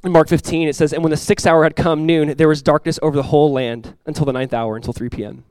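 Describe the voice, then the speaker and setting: Male pastor, rapid sermon delivery, slightly high voice, dry close sound; emphatic, climbs on scripture quotes. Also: steady tone, a little mellow, clear, resonant tone, no room sound. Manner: emphatic preaching, voice climbs and swells when quoting scripture; conversational asides with quick restarts.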